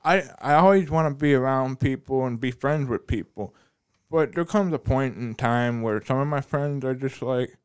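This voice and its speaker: A deaf man talking casually on a podcast, halting and often repeating his words. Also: medium pitch, smooth. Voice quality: speech of a deaf speaker. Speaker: podcast regular.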